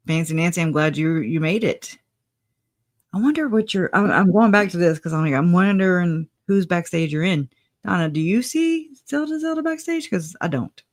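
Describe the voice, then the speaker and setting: A woman's voice: fairly low pitch, animated, moderate pace. A woman hosting a casual livestream, chatting, laughing often and greeting viewers by name. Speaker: livestream host.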